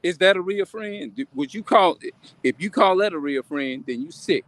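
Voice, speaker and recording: A man's voice: high voice, lively intonation, moderate pace, fairly bright tone. A man talking casually on a live stream, rambling and repeating himself as he keeps asking listeners questions. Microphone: phone or webcam on a live stream.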